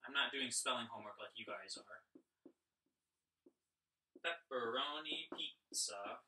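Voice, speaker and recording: Upbeat music teacher chanting rhythms. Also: male voice, mid-range voice, measured pace, sharp tone, slight background noise. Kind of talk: online music lesson for children. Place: home room. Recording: echoey room, voice a bit far from mic.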